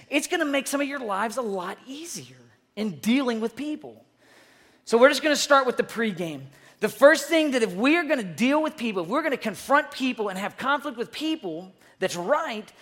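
This youth pastor's voice sits high as she preaches casually to a young crowd. She keeps things everyday and relaxed, restarts frequently while working toward a point, and voices the characters she describes so her message hits home.

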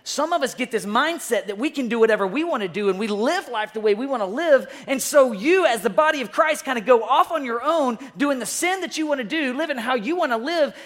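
A woman youth pastor preaching in a loose, conversational way to young listeners. Her talk is relaxed and everyday, with frequent restarts as she builds a point. She acts out the voices of the people she describes to make her points land. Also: high-pitched, a little fast, few pauses. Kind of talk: sermon.

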